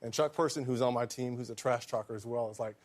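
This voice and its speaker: A former basketball player telling an anecdote in an articulate, amused way. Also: male voice, medium pitch, fast. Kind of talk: anecdote on a talk show.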